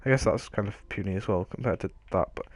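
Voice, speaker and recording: A man's voice: fairly low pitch, fast, no room sound. Rambling man narrating his gameplay. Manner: rambling, self-deprecating, trails off mid-sentence. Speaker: gaming video host. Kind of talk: casual let's play commentary.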